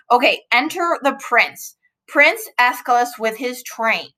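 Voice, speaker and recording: A woman's voice: on the high side, a little slow, sharp tone, rough recording. A woman teaching a play at home, reading lines aloud and then explaining them in a casual, chatty way.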